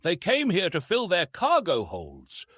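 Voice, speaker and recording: Man doing blunt space fleet commander, wry, husky, lively pitch, audiobook. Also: a little slow, no room sound, clean studio sound, full character voice. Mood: tense.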